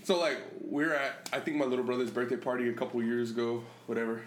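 A man's voice: mid-range voice, fairly even intonation, fast. A man co-hosting a podcast, telling stories in rambling casual chat full of fillers and laughter. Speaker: podcast co-host. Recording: echoey room with faint noise.

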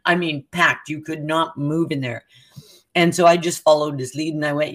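A woman's voice: low voice, moderate pace. A woman telling a long story in casual chat, acting out the lines of the people in it and laughing as she goes. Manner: animated, acts out quotes with laughs. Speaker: co-host.

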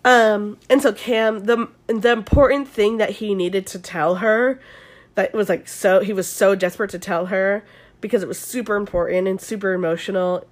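A young woman hosting an ASMR-style recap, talking chattily with lots of fillers and casual swearing. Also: medium pitch. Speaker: podcast host recapping a reality show.

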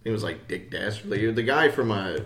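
A young man co-hosting a casual podcast, reading out listener questions with blunt, deadpan remarks and casual swearing. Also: on the low side, fairly quick. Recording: roomy echo.

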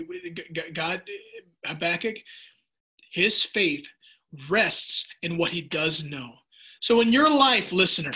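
A man's voice: a little high, bright, forceful tone, breathy edge. A middle-aged man preaching a sermon on the radio, passionate, stumbling and repeating words as he reads listener texts.

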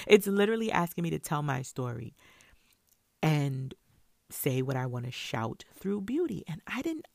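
A woman's voice: on the low side, gravelly, no echo. A woman vlogger telling a story in a casual way, acting out the lines of the people in it. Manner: animated, acts out her own and others' lines.

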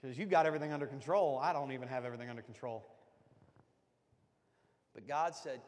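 A pastor preaches a sermon in a church sanctuary, addressing his congregation loosely and conversationally and joking with them. His medium-pitched voice moves quickly but leaves long pauses, and the long reverb of a church hall fills the recording.

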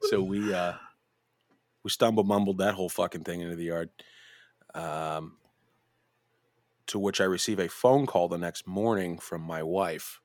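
A man hosting a podcast, telling a story in casual chat, profane and animated, jumping into high voices to mimic people. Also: measured pace, long pauses, dry recording, studio quality. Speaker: podcast host.

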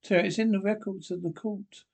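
A man's voice: high voice, fairly even intonation, brisk, vocal fry, a little mellow, voice pushed up. A man voicing a frightened young wife in a radio-play reading, urgent and pleading. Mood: urgent fear.

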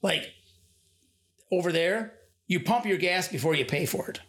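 A man's voice: high-pitched, moderate pace, a bit bright. A man from Michigan, a guest on a casual podcast, telling rambling anecdotes and often chuckling. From Michigan, USA. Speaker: guest, convention organizer.

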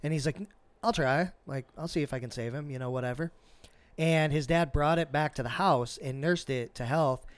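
A man co-hosting a podcast, telling a long story in casual, profane chat and acting out the quotes with lively swings. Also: a little high, moderate pace, smooth, no room sound. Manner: animated, profane, acts out quotes. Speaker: podcast co-host.

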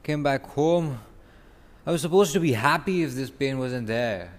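This casual vlog comes from a young man outdoors, away from home, whose stomach hurts; he rambles in frustration and stops to groan. His mid-range voice has lively intonation and a measured pace, recorded on a phone recording app.

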